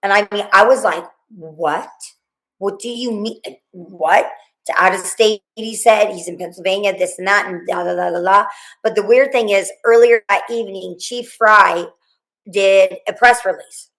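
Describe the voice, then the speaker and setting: A middle-aged woman being interviewed, recounting a frightening night in a rambling, halting way, full of restarts and quoted dialogue. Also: medium pitch, a bit bright, rough recording. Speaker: guest, mother of a murdered student. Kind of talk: emotional interview storytelling.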